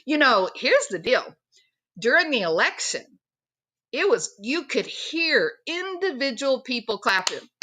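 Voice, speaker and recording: A woman's voice: sits high, big pitch swings, a little slow, noisy background. A woman hosting her own commentary channel, talking in a sarcastic, mocking monologue. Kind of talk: opinionated monologue.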